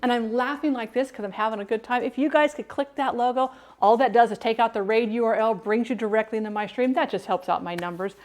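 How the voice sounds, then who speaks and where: A woman cooking live on stream from her home kitchen, wearing a clip-on mic, greeting viewers brightly and rambling with restarts. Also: on the high side, fast talker, hardly any pauses. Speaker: food and drink streamer.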